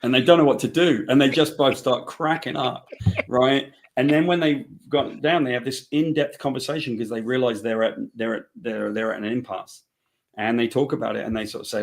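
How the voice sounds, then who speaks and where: A man's voice: mid-range voice, fairly even intonation, brisk, gravelly. A man, a comic book writer, talking casually in an interview, rambling and restarting his sentences as he tells stories. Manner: rambling, restarts often, acts out quoted dialogue.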